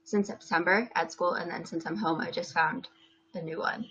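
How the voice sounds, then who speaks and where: A woman's voice: on the low side, steady tone, normal speed, fairly bright tone. A young woman from the U.S. East Coast joins a livestream over a video call and talks shyly, hedging with fillers. Her audio is dull and lo-fi, with a faint hum behind it. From United States, East Coast. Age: young adult. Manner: hesitant, shy, many fillers. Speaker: livestream guest. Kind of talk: casual video call chat.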